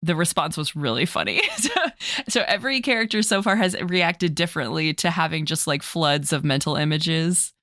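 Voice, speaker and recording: A woman with a notably low voice chats about her tabletop game character, laughing often as she tells the story. She speaks into a close mic in a dry, deadened room. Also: moderate pace, a bit bright, dry recording. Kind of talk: casual podcast chat about a game.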